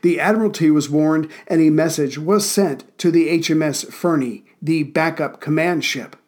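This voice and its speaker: A man's voice: fairly high pitch, normal speed, darkish tone. A man hosting a history podcast from Central Virginia, narrating events with dry, wry asides and thanking listeners casually.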